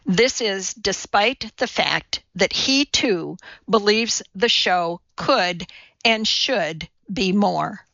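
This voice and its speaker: A woman voicing a steady, composed female chemist who speaks calmly and matter-of-factly. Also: mid-range voice, very slow, vocal fry, no echo, muffled recording, full character voice. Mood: firm. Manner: calm, steady, matter-of-fact.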